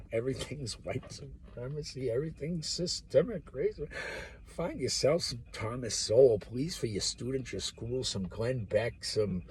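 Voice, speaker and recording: A man's voice: medium pitch, a little mellow, husky. A man talking off the cuff in a rambling monologue, profane and jumping from one topic to the next. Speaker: vlogger.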